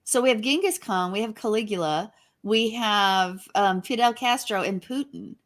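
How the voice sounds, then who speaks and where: A woman's voice: medium pitch, normal speed. A woman co-hosting a casual game chat, playful and chatty. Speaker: co-host.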